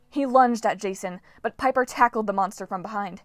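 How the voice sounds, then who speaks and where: A woman narrating a novel as an audiobook reader, with a lively, dramatic delivery. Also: medium pitch, fairly quick, hardly any pauses, no echo. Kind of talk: scripted narration.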